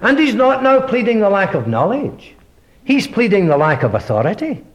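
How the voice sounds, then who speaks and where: Male preacher, higher-pitched and very lively delivery, emphatic sermon style with hushed asides. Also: moderate pace. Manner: emphatic, rhetorical questions, swings from loud to hushed.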